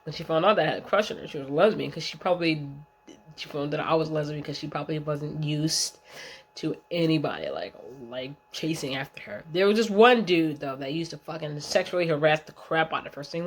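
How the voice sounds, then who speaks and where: A woman's voice: deep voice, fast. A woman in her thirties telling a long story in a casual vlog, blunt, slangy and full of swearing, often rambling off track. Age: 30s. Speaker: vlogger.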